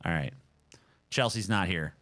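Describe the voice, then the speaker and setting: A man's voice: low-pitched, a little slow, dry recording. A man streaming live from home, chatting casually and ranting with lots of swearing. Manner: animated, profane, ranting.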